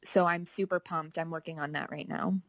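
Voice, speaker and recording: A woman's voice: low-pitched, steady tone, a little fast, dry recording. A young woman talking as a guest on a podcast, upbeat and chatty, laughing easily. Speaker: podcast guest, actor and songwriter. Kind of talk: casual interview chat.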